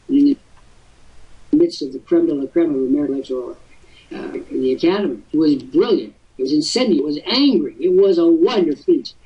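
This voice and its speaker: A man's voice: on the high side, expressive, quick pace, recorded from a distance. An older man hosting a live webcast talk show, telling stories expansively with theatrical asides. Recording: husky voice from off-mic, muffled lo-fi audio.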